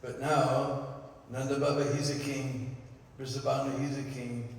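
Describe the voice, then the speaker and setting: A man giving a devotional storytelling talk at a temple, often checking in with listeners with a quick "hmm?". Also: mid-range voice, level tone. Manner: keeps asking the audience "hmm?" and "huh?". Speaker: temple class speaker. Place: temple hall. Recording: echoey hall with the mic far off.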